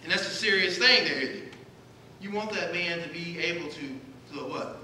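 A man's voice: high voice, moderate pace, bright, forceful tone, slight background noise. A man preaching a sermon, asking the congregation questions and answering them himself. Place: church sanctuary. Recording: echoey church hall, distant mic.

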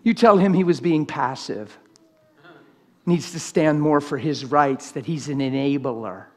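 A man's voice: on the high side, unhurried, darkish tone, long reverb tail. A middle-aged man preaching a live sermon in a church, plain-spoken and teasing, laughing along with the crowd.

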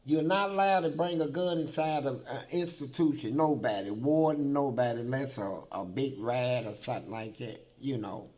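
A man's voice: medium pitch, moderate pace, few pauses, a little mellow. A man being interviewed who tells blunt, profane stories about prison life in a vivid, swearing manner. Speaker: interview guest.

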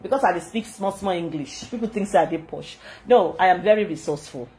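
Her voice on the low side and her pace quick, this middle-aged Yoruba-accented Nigerian vlog host sounds indignant yet lively. Frequent laughter breaks up her talk, which moves among English, Pidgin and Yoruba.

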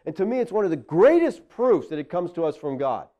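A pastor delivering a sermon in a mellow, fairly high voice, talking to the congregation in a plain conversational way. He builds into emphatic exclamations at his key points. The recording is dull and lo-fi. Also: sing-song, brisk.

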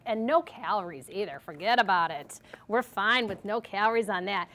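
A woman's voice: medium pitch, expressive, normal speed, a bit bright. A woman from Arkansas hosting a TV cooking segment, chatty and jokey as she mixes a recipe on a studio kitchen set. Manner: bubbly, jokey, talks to camera while mixing.

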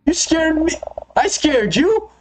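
Shrill, panicky lone camper voiced by a man, very high and loud, noisy recording. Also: expressive, a little slow, vocal fry, exaggerated voice. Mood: panicked. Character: jumpy male hiker camping alone in snow.

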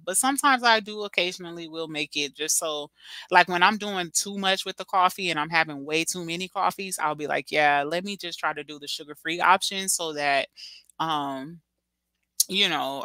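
Bright-voiced, chatty woman livestreamer. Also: fairly low pitch, no echo. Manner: chatty and dramatic, lots of slang and laughter. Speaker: livestream host reading chat. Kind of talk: casual livestream chat.

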